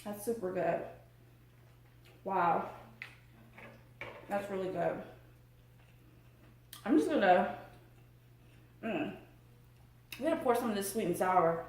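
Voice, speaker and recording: A woman hosting a casual eating vlog who talks in a bubbly, excited way between bites. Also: medium pitch. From Tampa, Florida area. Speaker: mukbang vlogger. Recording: echoey room.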